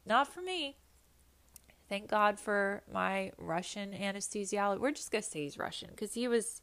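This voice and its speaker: A woman telling a personal story in a chatty, animated, self-mocking way, with quick asides and restarts. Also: lowish voice. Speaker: storyteller recounting a hospital visit. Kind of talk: casual storytelling monologue.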